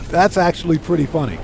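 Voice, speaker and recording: A man streaming a video game live, chatting casually, reading viewers' messages aloud and thanking them, with his voice going hoarse. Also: a little high, noisy background. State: losing his voice. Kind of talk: casual live gameplay chat.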